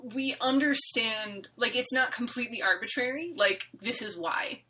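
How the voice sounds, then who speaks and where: This woman's voice sits a little high and moves at normal speed, captured in a low-quality recording with slight background noise. As a podcast co-host, she talks about a webcomic in a casual, animated, emphatic way, packed with fillers.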